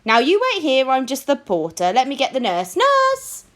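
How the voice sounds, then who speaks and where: Woman playing a brisk male porter in a storybook, calls out loudly. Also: high-pitched, sing-song, voice pushed up. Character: ordinary adult male hospital porter.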